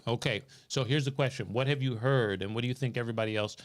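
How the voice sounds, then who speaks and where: Speaking quickly with hardly any pauses, a man with a fairly low pitch hosts a studio livestream on finance. He tells a story, reads out viewer comments from the chat, and puts questions to his co-host.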